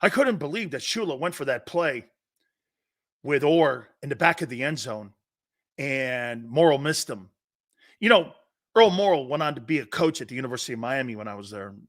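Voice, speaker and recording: A man in his fifties from the northeastern United States, hosting a sports talk show in a casual, joking way and reading out viewer comments. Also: mid-range voice. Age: 50s. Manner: animated, joking, quick to laugh.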